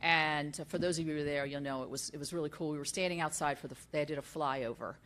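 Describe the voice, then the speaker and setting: A woman's voice: low voice, fairly even intonation, fast, a bit bright. An older woman, a senator, giving a speech at a business summit, telling stories in a folksy way with many fillers and restarts.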